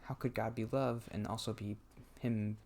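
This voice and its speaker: A man's voice: fairly low pitch, steady tone, normal speed, creaky, a little mellow. A man talking casually while he plays a game, thinking aloud in a hesitant way and often restarting his sentences. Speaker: gameplay commentator.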